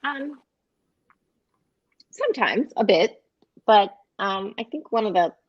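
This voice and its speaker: A woman's voice: mid-range voice, animated, takes it slowly, breathy edge, no echo. A woman author offers encouraging advice on a panel, with a light laugh here and there. Her voice has a dull, slightly muffled recording quality. The room sounds dry. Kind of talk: casual panel chat.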